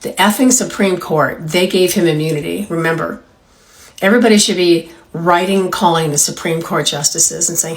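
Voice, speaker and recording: A woman's voice: on the low side, normal speed, rough recording. A woman from California speaking casually to camera, earnest, apologetic and exasperated, stumbling over her words. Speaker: member of the public in a viral clip. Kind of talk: casual direct-to-camera plea.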